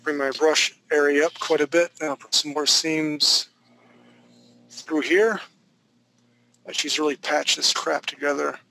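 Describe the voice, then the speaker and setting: A man's voice: on the high side, fairly even intonation, a little slow, gravelly, long pauses, pushed and bright, low-quality recording. A man teaching a live online drawing class from home, talking loosely and jokingly as he thinks aloud while he draws. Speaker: drawing instructor. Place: home studio.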